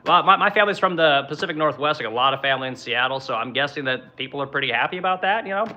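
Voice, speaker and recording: A man's voice: mid-range voice, sharp tone, lo-fi sound. A man hosting a livestream, ranting in a blunt, profane way with lots of fillers and tag questions, reading viewer comments from his workshop. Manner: blunt, profane, rambling with many fillers and "right?". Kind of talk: casual political rant.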